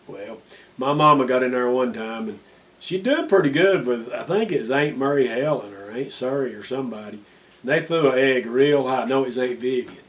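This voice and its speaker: A man telling a family story in an interview in a lively, amused way. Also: medium pitch, moderate pace, far from the mic.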